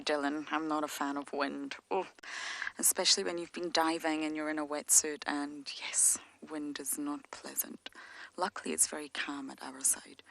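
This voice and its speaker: A woman presenting a live wildlife show, telling stories in a relaxed, conversational way that turns soft and breathy at times. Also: deep voice.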